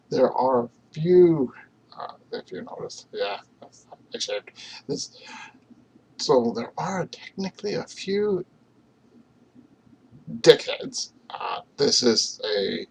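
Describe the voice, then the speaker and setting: A Canadian man chatting casually on his own stream, meandering and halting with many fillers and restarts. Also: medium pitch, gravelly, slight background noise, rough recording. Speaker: solo streamer. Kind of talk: rambling casual vlog chat.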